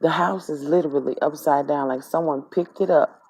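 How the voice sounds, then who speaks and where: A woman's voice: low-pitched, fairly even intonation, moderate pace, a little mellow, breathy edge. A woman from Mississippi with a Southern accent, animatedly retelling a dream in casual storytelling style. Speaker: spiritual vlogger.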